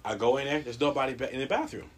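A man telling a comedic story in casual talk, swearing a lot and jumping into a high voice when quoting others. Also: rapid-fire. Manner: profane, animated, acts out quotes in a high voice.

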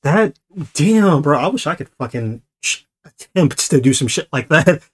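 A man's voice: a little high, very animated, a little slow, husky. A young man hosting a podcast, asking questions in a laid-back, swearing, encouraging way. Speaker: podcast host. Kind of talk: casual podcast interview.

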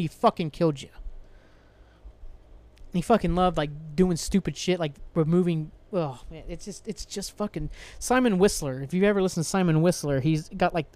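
On his solo podcast, a young man goes on an angry, profanity-laced, rambling rant punctuated by frequent sighs and restarts. His voice leans high and a little mellow, recorded with no room sound.

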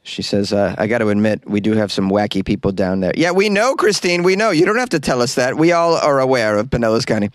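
A man's voice: mid-range voice, sing-song, fast talker, hardly any pauses. A man hosts a comic weird-news podcast, drifting between reading stories and loose, joking chatter. He is recorded in a small closet, so the sound is close and completely dry with no room echo. His voice sits in an ordinary middle register. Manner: jokey, rambling, puts on silly voices for quotes. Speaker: podcast host and comedian.

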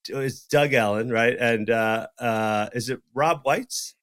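A man's voice: mid-range voice, takes it slowly. A middle-aged man, a podcast co-host, telling a story in casual chat, swearing freely and acting out the dialogue. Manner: profane, animated, acts out quoted dialogue.

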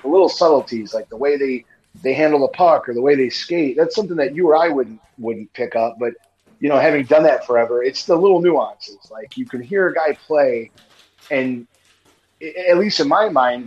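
A man's voice: medium pitch, fairly quick, a little mellow, dull audio. A man co-hosting a podcast in casual chat, rambling with lots of fillers. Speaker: podcast co-host.

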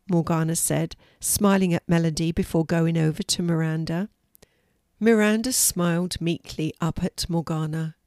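An older woman reading a children's storybook aloud, gentle and measured. Her voice sits fairly low, and the recording is dry and close. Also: no room sound. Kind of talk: storybook narration.

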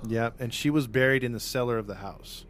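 A man's voice: mid-range voice, a little fast, a little hiss or hum. A man casually telling a true-crime story as a podcast host, rambling with lots of fillers.

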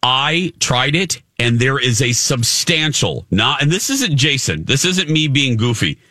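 A man's voice: mid-range voice, sing-song, unhurried, sharp tone, no room sound, studio quality. A man hosting a morning radio show, chatting casually and playfully with his co-hosts.

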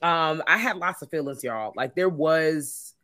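A woman co-hosting a casual podcast, speaking, animated and swearing freely. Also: sits low. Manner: animated, swears freely, drawn-out emphatic delivery. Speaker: podcast co-host.

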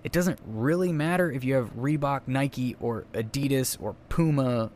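A man's voice: mid-range voice, moderate pace, darkish tone, a little hiss or hum. Rambling, chatty man podcasting solo. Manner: chatty, rambling, self-correcting asides. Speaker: podcast host. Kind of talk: casual solo podcast commentary.

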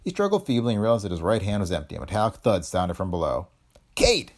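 A man narrating a pulp adventure story in a dramatic, expressive storytelling manner. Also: sits low, rapid-fire.

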